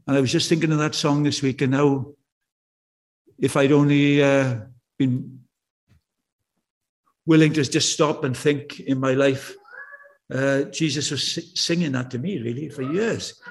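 An older man preaching a sermon, chatty and anecdotal, slowing down to repeat key words with emphasis and dropping in wry, self-deprecating asides. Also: medium pitch, fairly even intonation. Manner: conversational and anecdotal, with slow emphatic repetition.

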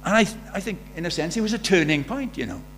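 A high, sing-song male voice with a fairly bright tone moves at a quick pace through a conversational sermon. He asks the congregation rhetorical questions while a faint mains hum lingers.

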